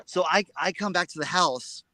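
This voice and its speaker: A man co-hosting a casual live chat, telling a story in an excitable, rambling way and repeating his words. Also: high voice, moderate pace. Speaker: reseller show co-host.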